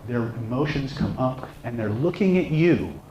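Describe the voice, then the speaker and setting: A man's voice: mid-range voice, moderate pace, highs cut off. A man teaching a live seminar, telling stories and acting out the people in them. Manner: animated, acts out shouting characters in stories. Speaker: seminar trainer. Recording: echoey room with faint noise.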